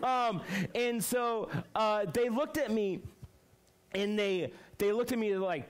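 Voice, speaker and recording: A young man with a notably high voice preaches to middle schoolers. He tells stories in an animated, rambling way, full of fillers, and then moves into plain Bible teaching. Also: takes it slowly, clear, resonant tone. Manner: animated storytelling, many fillers. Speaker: youth pastor. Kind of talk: youth sermon with personal story.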